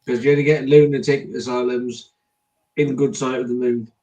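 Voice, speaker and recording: A man's voice: mid-range voice, little pitch movement, moderate pace, warm tone. A man in a casual live-stream chat who drops in dry, wry quips. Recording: distant from the mic.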